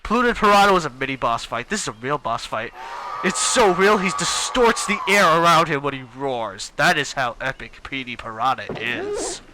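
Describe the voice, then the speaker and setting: A young man giving casual, rambling gameplay commentary, chatty and quick to get excited. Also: a little high, noisy background. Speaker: let's play gamer.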